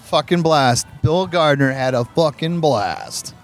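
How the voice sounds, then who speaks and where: A man's voice: on the high side, slow pace, soft background music. A man co-hosting a casual chat at a hotel pool, telling rambling, profane service stories. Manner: profane, rambling, animated storyteller. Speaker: podcast co-host, Navy veteran. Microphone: streamed live on a phone or camera.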